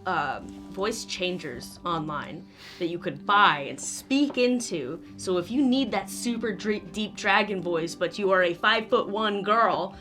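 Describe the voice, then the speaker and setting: A woman's voice: mid-range voice, pushed and bright, soft background music. A woman co-hosting a casual chat, giving enthusiastic tips from her voice acting experience. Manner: unhurried and enthusiastic, gives tips. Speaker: co-host with voice acting background.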